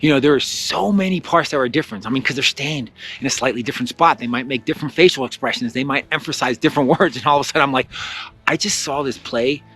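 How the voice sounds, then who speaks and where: A man teaching spiritual self-help in a casual, storytelling way, chatty and animated, with lots of fillers and acted-out asides. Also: mid-range voice, racing, hardly any pauses. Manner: chatty and animated, with many fillers and acted-out quotes of his own thoughts.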